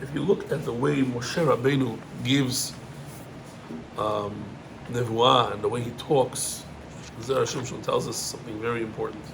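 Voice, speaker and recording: A middle-aged man, a rabbi, gives an animated Torah lesson, climbing in pitch on emphatic points and mixing in Hebrew terms. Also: moderate pace, vocal fry, background noise.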